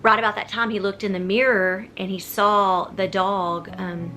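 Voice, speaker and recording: A woman's voice: medium pitch, flat delivery, moderate pace, pushed and bright, a little hiss or hum. A woman talks casually in a Q&A vlog from home. She rambles, often stops and restarts her sentences, and addresses viewers directly. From Texas. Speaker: vlogger.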